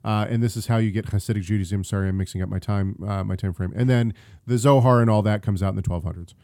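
A man's voice: fairly low pitch, fairly even intonation, quick pace, warm tone, no echo, studio quality. A man co-hosting a theology podcast, reading listener questions in a casual, hesitant way with frequent ums and restarts. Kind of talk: casual chat about theology.

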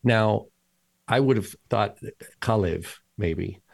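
A male podcast co-host explains things eagerly and repeats key words. His voice is low, gravelly and a little husky. The sound is dry and close. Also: moderate pace, no room sound. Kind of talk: casual podcast chat.

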